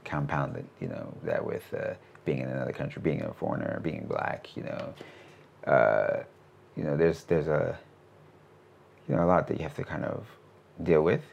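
A man in his thirties talks through interview answers in a casual, meandering way, stopping and restarting his sentences. His voice sits very low, with a gravelly fry running through it. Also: normal speed, dull audio, slight background noise. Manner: relaxed, rambling, many fillers and restarts. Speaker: animation studio CEO, interview guest.

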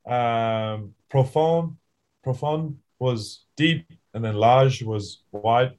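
A man co-hosting a casual podcast, telling rugby stories in a relaxed way with fillers and laughs. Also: mid-range voice, drawn-out words. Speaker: podcast co-host, rugby sevens player.

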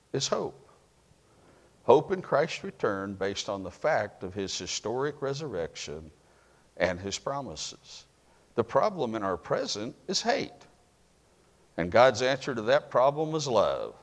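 Folksy pastor preaching in a reverberant hall. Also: male voice, on the low side. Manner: folksy, emphatic, swings from quiet to loud. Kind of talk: sermon. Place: church sanctuary.

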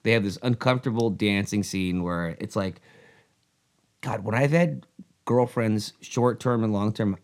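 Rambling young man with a low voice. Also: a little slow. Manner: rambling, animated, swears freely. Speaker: podcast co-host. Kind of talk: casual chat about a film.

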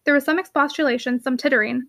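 A woman reading a classic novel aloud in a brisk, lively narration. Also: sits high. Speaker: audiobook reader.

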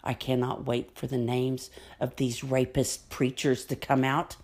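A woman's voice: rumbling low, level tone, a little slow, a little mellow. A woman delivering an angry, profane political rant straight to camera, cutting and bitter.

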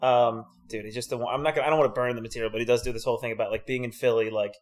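A man's voice: mid-range voice, racing. A young man in casual podcast chat, talking in an easy middle register. He tells stories with lots of energy, swears freely and laughs often. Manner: animated storyteller, swears a lot, laughs often. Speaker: podcast co-host.

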